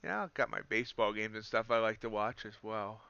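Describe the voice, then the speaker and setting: A man's voice: on the low side, brisk, vocal fry, pushed and bright, smooth, no echo, highs cut off. A man streaming live futures trading, casually thinking aloud as he calls his trades.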